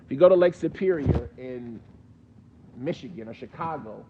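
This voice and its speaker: A man's voice: mid-range voice, lively intonation, moderate pace, dull audio, very noisy. A man with a New York accent teaching a mosque class, questioning his students in a conversational way. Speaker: teacher explaining hadith.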